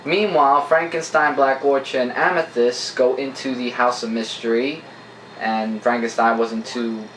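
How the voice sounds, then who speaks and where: An eager man rambles through a plot recap, full of fillers, in a mid-pitched voice. He is recorded in a room that rings with echo, with a faint hiss underneath. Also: steady tone, moderate pace, a bit bright. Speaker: comic book reviewer, co-host. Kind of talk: casual review chat, plot recap. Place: indoor room with a camera. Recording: echoey room.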